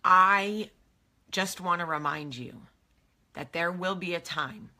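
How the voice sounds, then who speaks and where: A woman with a New Jersey accent hosts a casual chat straight to camera, her voice lowish, slow, pushed and bright. She speaks confidingly and keeps trailing off into asides.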